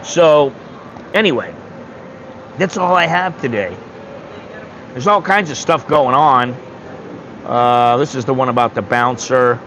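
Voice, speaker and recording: A man's voice: medium pitch, unhurried, pauses often, a bit bright, a little hiss or hum, low-quality recording. A man in his sixties from the United States, rambling bluntly and with some swearing in a casual livestream chat. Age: 60s. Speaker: streamer.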